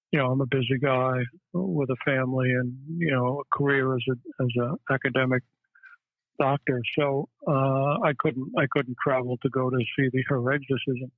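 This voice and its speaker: Gravelly man on a tinny phone line. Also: mid-range voice, dry recording. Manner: halting, with many fillers. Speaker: psychiatrist guest. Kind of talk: casual interview storytelling.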